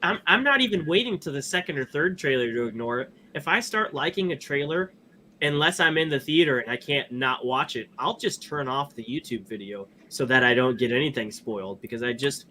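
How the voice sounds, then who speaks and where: A man co-hosting a podcast, talking about movies in a loose, rambling way and often restarting his sentences. His voice is bright and forward. A faint hiss sits behind him. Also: mid-range voice, fairly quick. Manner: animated, rambling, lots of restarts and fillers. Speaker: podcast co-host. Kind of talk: casual movie review chat.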